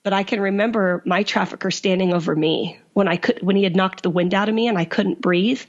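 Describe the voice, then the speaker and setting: A woman of middling pitch speaks as an interview guest, recounting her own past with sincerity. She laughs easily and her voice jumps up when she quotes others. The sound is a little dull and lo-fi. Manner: earnest, quick to laugh, quotes others in lively bursts. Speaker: guest, author and survivor. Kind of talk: personal story in an interview.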